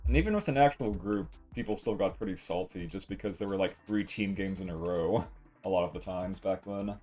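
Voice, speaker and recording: A man's voice: low-pitched, brisk, warm tone, faint music behind. A man giving casual live gameplay commentary as a streamer, playful and self-mocking as he chats. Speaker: game streamer.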